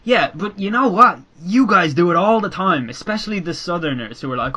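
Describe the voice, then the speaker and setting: A man's voice: high voice, expressive, fairly quick, hardly any pauses, sharp tone. A young Irish man hosting a podcast, chatting casually with a sweary, sarcastic edge. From Ireland. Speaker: podcast host.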